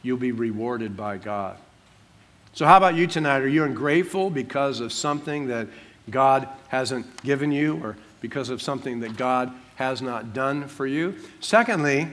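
An older man, a pastor, preaching a sermon in an animated way, acting out quotes with jokey asides. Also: mid-range voice, moderate pace.

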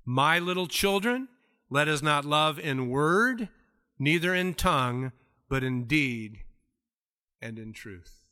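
A bright, slightly high male voice preaching an expository sermon. He talks conversationally, acting out everyday scenes, and swings between hushed murmured asides and raised, emphatic peaks. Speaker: pastor.

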